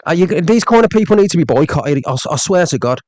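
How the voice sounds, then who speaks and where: A man's voice: on the high side, lively intonation, fast, dry recording. A man on a live stream, ranting angrily with lots of swearing, repeating himself and reading out viewer comments. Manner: angry, profane, repeats "you know what I mean".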